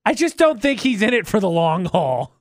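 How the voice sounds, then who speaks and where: A man's voice: sits high, normal speed, no echo, studio quality. A man co-hosting a radio show, chatting casually and often mocking people in exaggerated voices. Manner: animated, mocking voices for bad parkers.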